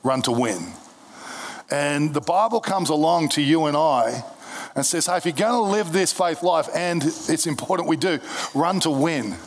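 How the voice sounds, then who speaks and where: Male pastor, casual sermon on a stage mic, slightly high voice, chatty and joking, trips over restarts. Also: normal speed. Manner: conversational, jokey, with many restarts. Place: church service.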